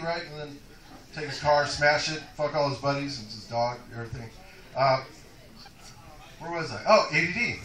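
A man working a comedy club stage with a loud, profane, rambling delivery. His voice sits high and comes out bright and forceful. The room echoes, and the mic picks him up from a distance. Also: expressive, normal speed. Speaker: stand-up comic. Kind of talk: stand-up comedy set.

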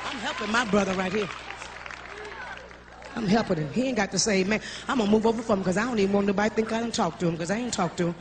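A woman's voice: mid-range voice, rapid-fire, crowd noise. A woman preacher delivering a fiery sermon, repeating her points and calling out her congregation. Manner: fiery, repetitive, calls out the congregation. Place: church sanctuary. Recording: live church with congregation noise.

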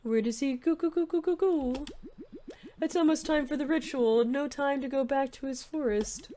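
A woman voicing a solemn, humble male forest creature in a game, speaking slowly and formally of himself. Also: high-pitched, lightly acted. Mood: ashamed. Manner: slow, hushed, formal third-person speech. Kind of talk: reading game dialogue aloud in a voice.

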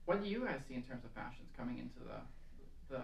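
Low-voiced woman in an echoey room. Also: sing-song, quick pace, creaky, muffled recording. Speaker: co-host. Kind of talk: casual chat. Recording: echoey room, distant mic, faint background noise.

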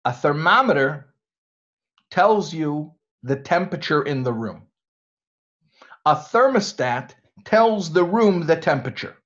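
A man's voice: fairly high pitch, fairly bright tone, highs cut off. American man giving an engaging lecture. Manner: engaging, asks rhetorical questions. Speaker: rabbi speaking to students. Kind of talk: conversational lecture.

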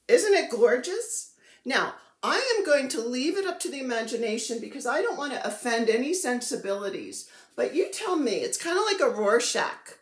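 A woman's voice: a little high, very animated, moderate pace. Chatty woman in an echoey room. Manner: chatty, self-deprecating, gushing over crafts. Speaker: cross-stitch vlogger. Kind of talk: casual chatty show-and-tell.

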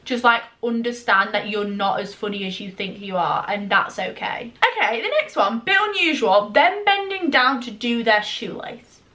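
A woman's voice: a little high, normal speed, hardly any pauses, pushed and bright. Sassy young woman vlogger. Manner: sassy, chatty, full of "like" fillers. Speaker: YouTuber. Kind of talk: casual chatty vlog.

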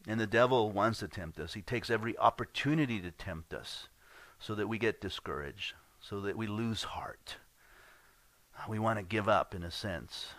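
A man's voice: lowish voice, a bit bright, no room sound. A man preaching a sermon as pastor, earnest and conversational, often repeating words as he goes.

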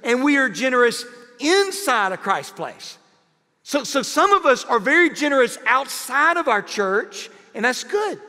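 A male pastor preaching a sermon, jokey and animated, with sudden loud bursts. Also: extremely high pitch, a little slow, in a large hall. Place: church sanctuary.

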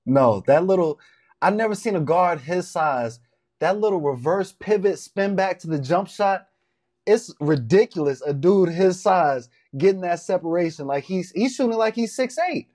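A man's voice: high voice, expressive, normal speed, darkish tone. A young adult man co-hosting a sports talk show, with laid-back, joking banter. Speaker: co-host.

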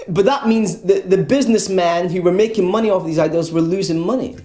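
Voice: medium pitch, brisk, mellow, roomy sound. A preacher, giving an earnest sermon and repeating words when stressing a point. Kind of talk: evangelical sermon. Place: church.

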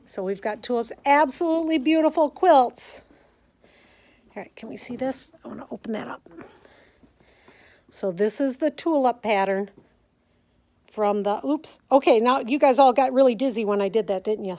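A woman's voice: on the high side, moderate pace, long pauses, darkish tone. A woman with a Midwestern American accent, a quilting teacher chatting casually as she walks viewers through a classroom show of quilts. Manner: chatty, enthusiastic, talks to viewers while filming. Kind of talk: casual show-and-tell walkthrough. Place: sewing center classroom.

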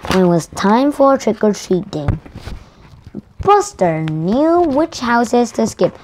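Slow, lively woman reading a picture book. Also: a little high, a little hiss or hum. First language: Korean. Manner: careful, with restarts and self-corrections. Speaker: storyteller.

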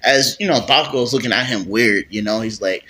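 A man's voice: mid-range voice, brisk, bright, forceful tone. A young man rambling through an improvised fan story, with lots of fillers.

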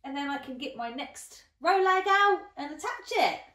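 A woman's voice: sits high, expressive, normal speed, bright, forceful tone. A woman chatting casually in a craft vlog while she works, self-deprecating and thinking aloud. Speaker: hobby spinner vlogger. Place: indoor room at a spinning wheel. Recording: echoey room from a distant mic.

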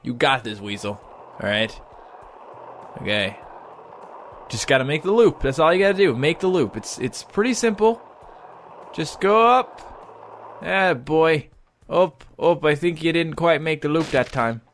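A man's voice: fairly high pitch, measured pace, pauses often, a little hiss or hum. Playful man cheering on a game. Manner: playful, joking, excitable cheering. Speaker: gaming commentator. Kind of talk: let's play commentary.

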